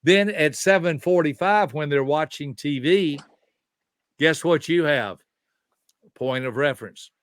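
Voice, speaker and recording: A man's voice: fairly high pitch, a little slow, long pauses, no echo. A man in his seventies, a behavior specialist explaining ideas in an emphatic, teaching way and asking rhetorical questions. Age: 70s. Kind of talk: conversational teaching.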